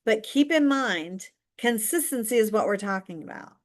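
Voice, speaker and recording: A woman's voice: fairly high pitch, lively intonation, normal speed. A woman coaching viewers directly in a chatty, emphatic way, teaching how to stand out online.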